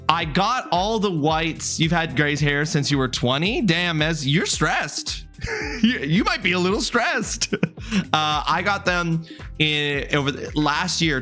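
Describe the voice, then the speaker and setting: A man's voice: medium pitch, bright, forceful tone. A man in his thirties chatting casually on a livestream, greeting viewers by name and answering their comments.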